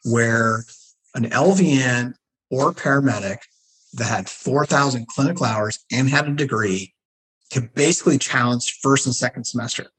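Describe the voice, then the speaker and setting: A middle-aged man, a guest telling stories in a casual interview, animated and acting out the people he quotes. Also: mid-range voice, moderate pace, slight background noise, poor audio. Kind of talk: casual storytelling.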